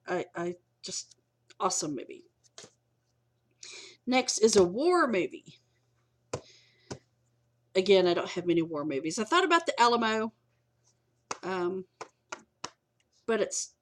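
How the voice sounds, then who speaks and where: A middle-aged woman, chatting at home about her movies in a rambling, self-interrupting way and sounding tired. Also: a little high. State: tired and yawning. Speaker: movie collector vlogger. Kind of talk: casual chat. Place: home room.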